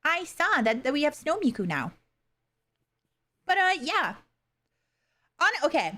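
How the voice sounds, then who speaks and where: A young adult woman chatting casually with her livestream viewers, halting and soft-spoken, with many fillers and pauses. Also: high-pitched, very animated. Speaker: streamer.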